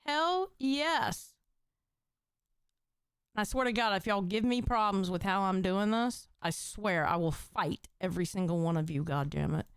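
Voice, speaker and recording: A woman's voice: mid-range voice, animated, unhurried, clean tone, no room sound, clean studio sound. A woman live-streaming, reacting to clips and reading chat in blunt, profane, teasing banter.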